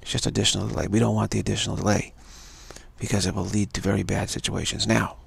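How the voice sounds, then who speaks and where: A man's voice: fairly low pitch, flat delivery, fast talker, vocal fry, breathy edge. A man giving an earnest spiritual talk on a livestream, emphatic and repeating his key points. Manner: earnest, emphatic, given to repetition. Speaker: spiritual speaker.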